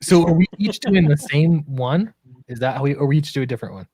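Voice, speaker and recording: A man's voice: on the high side, expressive, quick pace, crowd noise. A man chatting casually with friends on a game stream, self-deprecating and laughing often.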